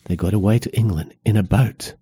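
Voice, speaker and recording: A man reading aloud as a gloomy, secretive middle-aged villager, in a low, understated voice. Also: steady tone, a little fast, warm tone, husky, no room sound, clean studio sound. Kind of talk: read-aloud novel passage.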